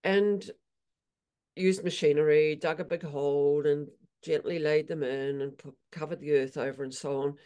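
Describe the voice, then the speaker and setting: Mellow-voiced woman, animated storyteller. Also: low voice, moderate pace, clean tone. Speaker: equine therapist and author. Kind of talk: storytelling in an interview.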